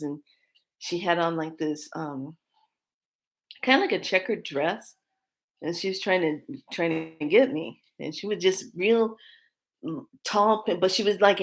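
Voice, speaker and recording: A woman vlogger telling a dream story casually and animatedly, laughing and acting out quotes. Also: on the low side.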